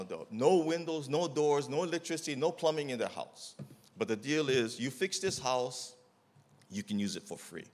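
A middle-aged man telling a casual testimony about volunteer work, rambling with many fillers and acting out the dialogue as he goes. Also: lowish voice. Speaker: mission trip volunteer giving a testimony.

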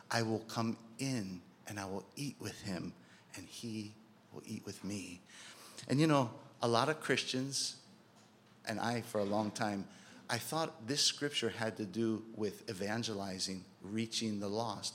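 A man's voice: on the low side, steady tone, measured pace, a bit bright, slight background noise. A man preaching a sermon in a conversational way, asking rhetorical questions and acting out quotes. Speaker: pastor.

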